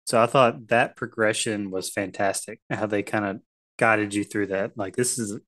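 A man's voice: lowish voice, moderate pace. Chatty man on a gaming podcast. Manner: animated storytelling, often acting out what game characters say. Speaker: podcast co-host. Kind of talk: casual chat about a video game.

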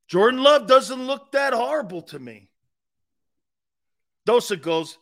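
A man's voice: extremely high pitch, lively intonation, slow, pauses often, fairly bright tone. A man hosting a sports talk show, brash and profane, rambling and talking straight to his listeners, edgy from short sleep. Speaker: sports radio host.

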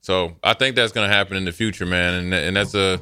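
A male co-host lays out his take in a confident, chatty way. His voice is low but bright and smooth. The sound is dry and close. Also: steady tone, fast. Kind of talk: casual sports talk.

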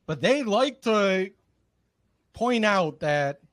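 A man's voice: sits high, lively intonation, a bit bright, no room sound. Laughing Michigan man, dry sound. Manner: laughs often, halting with fillers. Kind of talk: casual chat.

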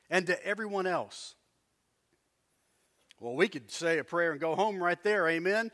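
A middle-aged man pastor preaching a sermon, telling stories with lively asides to the congregation. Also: fairly high pitch, a little slow, pauses often. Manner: animated storytelling with asides to the congregation.

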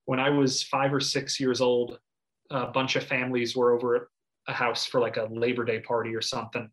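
A man, chatting casually as a podcast co-host. He tells stories animatedly and breaks into shouted impressions of his younger self. His voice sits at a middling pitch. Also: little pitch movement, a little fast. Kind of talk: casual chat.

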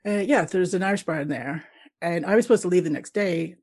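Speaking briskly in a husky, rather low voice, a middle-aged woman from Canada shares travel tales as an interview guest. She's lively and laughs a lot, impersonating the people she encountered in the casual conversation.

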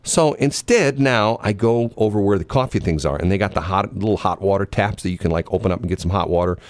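A man hosting a radio show, telling a story in casual on-air chat, animated and laughing often. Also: deep voice, quick pace, dry recording. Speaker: radio host.

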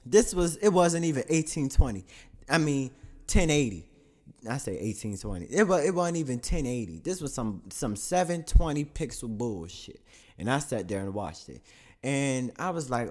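A man's voice: mid-range voice, big pitch swings, moderate pace, a little mellow. A man telling a crude, candid confessional story to his listeners, rambling through self-corrections and laughing at himself.

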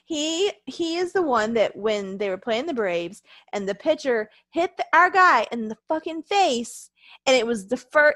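A woman co-hosting a podcast, her voice sitting a bit high, and she rants hotly with plenty of swearing. She sounds tired and a little ill. The sound is dry and close, with no room around her. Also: a bit bright, no room sound. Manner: ranting, profane, heated. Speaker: podcast co-host. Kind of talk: casual wrestling podcast chat.

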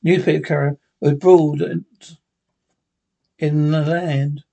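Husky male storyteller. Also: a little high, fairly even intonation, warm tone. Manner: unhurried, with occasional stumbles. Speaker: narrator. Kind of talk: audiobook reading of a classic story.

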